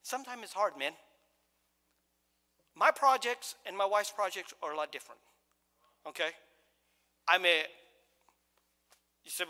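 A man's voice: high voice, expressive, unhurried, pauses often, pushed and bright. A middle-aged male pastor preaching a sermon in a conversational, joking way, full of restarts and acted-out quotes. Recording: long hall reverb.

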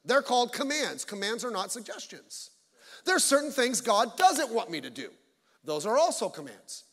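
High-voiced man preaching in a reverberant hall. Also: sing-song, normal speed, fairly bright tone. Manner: blunt, joking, mocking asides. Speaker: pastor. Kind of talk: sermon. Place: church sanctuary. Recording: long church hall reverb.

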